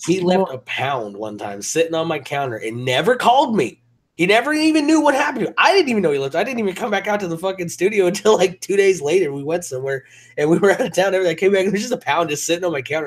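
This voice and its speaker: A man's voice: high-pitched, lively intonation, fast talker. Laughing, swearing man telling stories. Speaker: show host. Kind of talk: casual chat.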